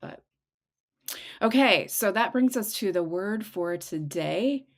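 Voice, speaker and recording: A middle-aged woman co-hosting a casual devotional chat, slowing and softening on her reflective points. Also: animated. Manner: acts out quoted voices with big pitch jumps. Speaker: podcast co-host.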